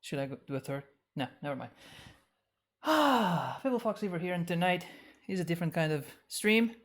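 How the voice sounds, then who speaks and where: A woman's voice: on the low side, lively intonation, moderate pace. A woman chatting casually on a live stream as a cosplay streamer, flustered and a little out of breath, with many stumbling restarts.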